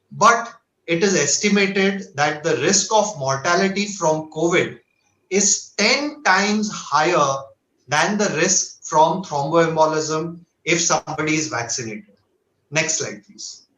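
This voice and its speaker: Earnest Indian doctor, bright roomy lecture voice. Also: male voice, fairly high pitch. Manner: measured, earnest, asks for each next slide. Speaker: doctor presenting at a medical webinar. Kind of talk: formal lecture over slides. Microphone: webinar audio.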